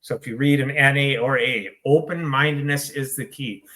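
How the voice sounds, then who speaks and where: A man's voice: mid-range voice, steady tone, sharp tone. A man speaking as an interview guest about recovery, telling his story candidly in a blunt, profane, hyper way. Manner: hyper, rapid-fire delivery.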